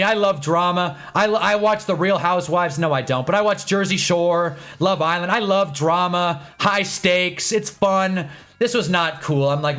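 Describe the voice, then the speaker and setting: Young male streamer, fairly high voice, worked-up rant with faint music behind. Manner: animated, exasperated storytelling with swearing. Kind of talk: casual ranting livestream.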